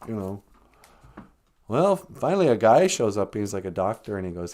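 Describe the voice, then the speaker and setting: A man hosting a comedy live stream, telling a rambling, jokey story with lots of pitch swings. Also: animated, brisk, a little mellow. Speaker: comedian host.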